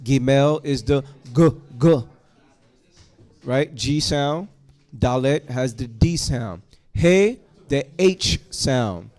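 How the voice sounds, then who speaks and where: A man teaching a Hebrew class to students in a classroom, going through the alphabet letter by letter in a slow, patient way. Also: mid-range voice, lively intonation, darkish tone, faint music behind.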